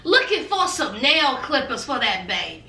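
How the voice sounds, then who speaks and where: Sassy high-voiced woman recapping gossip. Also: big pitch swings, moderate pace, sharp tone. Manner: sassy, chatty, acts out quotes in changing voices. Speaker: reality TV recap host. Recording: echoey room, mic at a distance.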